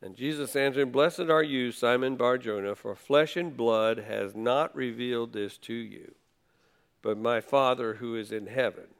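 His voice is mid-range, creaky, clear and resonant, and he keeps a measured pace. This man preaches a conversational sermon, reading scripture and retelling it in casual, everyday words.

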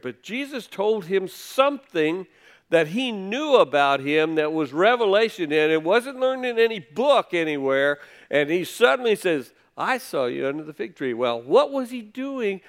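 Male preacher, somewhat high pitch, relaxed teaching sermon that mixes scripture reading with casual retelling. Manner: conversational, paraphrases scripture in casual speech.

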